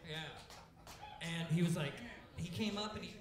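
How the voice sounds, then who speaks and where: A man's voice: on the high side, normal speed, distant mic, a crowd in the background. A man from Central Illinois, a rock band frontman, bantering loosely between songs and swearing casually. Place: live music venue. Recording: roomy live stage with loud music.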